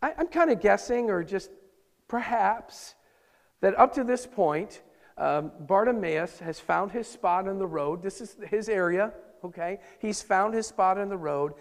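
A man preaching a sermon as pastor, moving between loud emphasis and hushed, intimate asides. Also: sits high, measured pace. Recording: long hall reverb.

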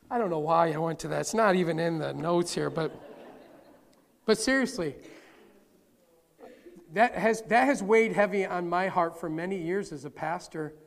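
A middle-aged man preaching in a church sanctuary, his voice high for a man and gravelly with fry. He keeps it conversational, tossing playful asides to the congregation. The sound carries a long hall reverb. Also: lively intonation, normal speed. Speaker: pastor. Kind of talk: sermon.

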